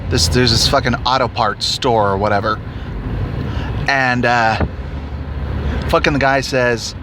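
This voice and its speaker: Man, podcast host, profane angry rant, drawn-out delivery, driving in a car, faint road noise. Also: mid-range voice, steady tone. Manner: angry, cursing constantly, sarcastic. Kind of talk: profane ranting monologue. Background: faint road and traffic noise.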